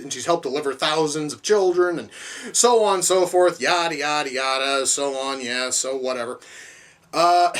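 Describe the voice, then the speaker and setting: A woman reviewing a film in a casual, profane, rambling way, full of restarts and fillers. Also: on the low side. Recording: voice distant from the mic.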